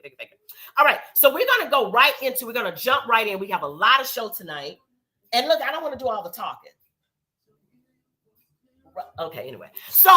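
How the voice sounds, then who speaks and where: A woman's voice: fairly high pitch, bright, forceful tone. A middle-aged woman hosting a casual live recap show, chatty and sassy as she thanks friends and sponsors. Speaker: show host.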